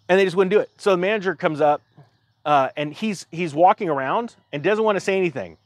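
A man's voice: high-pitched, brisk, no echo. A man telling a rambling, exasperated story as a video commentator, restarting his sentences and acting out both sides of a conversation. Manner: exasperated, self-interrupting restarts. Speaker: YouTube commentator. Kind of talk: casual anecdotal rant.

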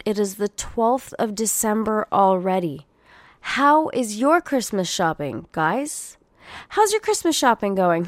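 With a mid-range, sing-song voice and an unhurried delivery, a young woman chats casually on her solo podcast. The studio-quality audio has no echo. She talks directly to listeners, ranting and cursing without restraint.

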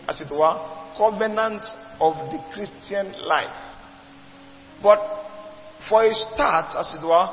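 A man preaching a sermon, emphatic and repetitive, calling on the congregation to respond. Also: high voice. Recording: dull lo-fi recording with long reverb.

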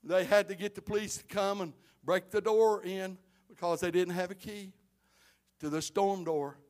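A male pastor, preaching a sermon that swells from quiet storytelling into loud, shouted exhortation. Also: sits high.

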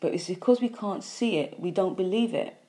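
A woman's voice: medium pitch, expressive, brisk, warm tone. A woman giving an earnest, emphatic health monologue, driving her points home with repeated lists. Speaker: health speaker.

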